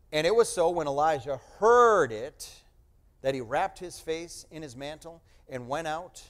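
A middle-aged man with a voice on the high side reads and explains scripture in a sermon, sometimes proclaiming loudly and sometimes falling to a hush.

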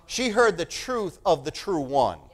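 A male preacher delivering a sermon, emphatic and animated, repeating phrases for effect. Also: on the high side, measured pace.

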